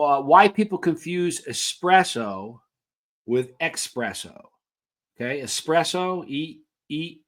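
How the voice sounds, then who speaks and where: Lively man hosting a casual countdown. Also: a little high. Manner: playful, asides and rhetorical questions to viewers. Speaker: channel host.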